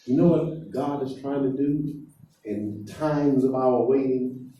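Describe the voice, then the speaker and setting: A man's voice: medium pitch, slow pace, mellow, distant mic. A man preaching a sermon, speaking emphatically and putting questions to his congregation, in a church hall. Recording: echoey hall heard from afar.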